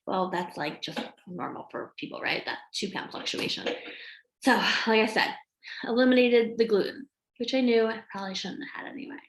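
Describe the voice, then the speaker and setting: A woman talks to camera from home in a lively, chatty way, slipping into the voices of herself and others as she tells it. Her voice sits a bit high. The room around her is echoey. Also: brisk. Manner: animated, acts out her own quotes. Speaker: health coach. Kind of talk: casual chat to camera.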